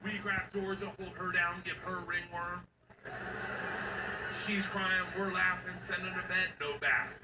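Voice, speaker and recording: Brief: male stand-up comic, high voice, rowdy shouter, recorded far off in an echoey club. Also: little pitch movement, a little slow. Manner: loud, shouting punchlines and acting out his kids. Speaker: stand-up comedian. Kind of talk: stand-up comedy set. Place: live comedy stage. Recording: echoey venue from far off, noisy.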